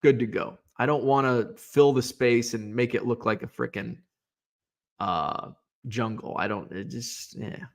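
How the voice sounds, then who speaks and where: Man, casual live-stream host, rambling, chatty, filler-heavy, mid-pitched voice. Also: unhurried. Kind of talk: casual live-stream chat reading viewer comments.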